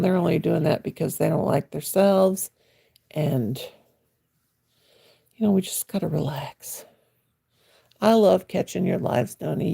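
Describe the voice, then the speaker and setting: Older woman, livestream host at home; low, gravelly, husky, folksy chat. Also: dark tone. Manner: folksy, chatty, reads and answers viewer comments. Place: at home, sitting in her chair.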